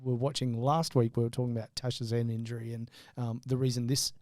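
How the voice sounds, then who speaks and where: A man with an Australian accent, co-hosting a podcast in casual, joking chat and trailing off quietly at the ends of phrases. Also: medium pitch, little pitch movement, quick pace, no echo, studio quality. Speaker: podcast co-host.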